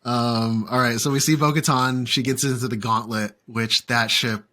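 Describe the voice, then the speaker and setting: A man's voice: mid-range voice, fairly even intonation, normal speed, sharp tone. A man hosting a casual fan podcast, recapping an episode with frequent fillers and playful asides. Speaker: podcast host.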